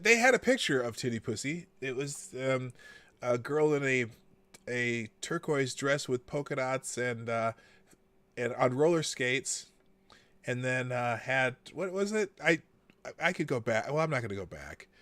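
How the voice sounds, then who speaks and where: Animated man hosting a wry live stream. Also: mid-range voice, no room sound. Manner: wry, chuckles while reading, frequent asides. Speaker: live-stream show host. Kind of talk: live-stream commentary, reading articles aloud.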